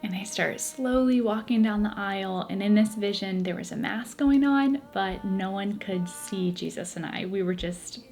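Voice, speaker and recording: A woman's voice: medium pitch, moderate pace, hardly any pauses, darkish tone. A woman giving an earnest, emotional personal testimony, building her story with repeated phrases. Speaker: Catholic convert telling her story.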